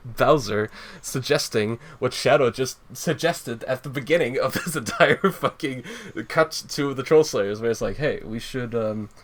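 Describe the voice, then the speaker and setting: A man's voice: medium pitch, normal speed, few pauses. A man hosting a casual comedy podcast, often laughing as he reads quoted lines aloud. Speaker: podcast host.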